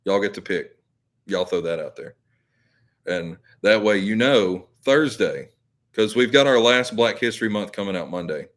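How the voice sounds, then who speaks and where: Man, deep voice, casual live chat, rambling, lots of fillers. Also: lively intonation, normal speed, fairly bright tone. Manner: rambling, filler-heavy, self-correcting. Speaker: YouTube channel host.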